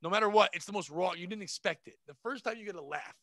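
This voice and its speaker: A man's voice: high voice, fast, a bit bright, no room sound. A man in his forties, a comedian guest telling profane, brash stories in a casual podcast chat. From New England. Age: 40s.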